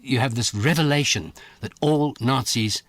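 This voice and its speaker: A man hosting a radio interview, asking teasing, leading questions in a relaxed way. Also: mid-range voice, moderate pace, no echo.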